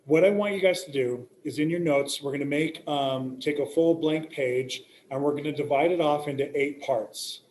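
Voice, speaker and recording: Male teacher, playful, keeps asking "right?", somewhat high voice, recorded from across an echoey classroom. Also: normal speed, hardly any pauses, a little mellow. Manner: joking, peppers talk with "right?" and "okay?". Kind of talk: classroom lecture. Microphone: recording device some distance away. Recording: roomy classroom echo, faint hum.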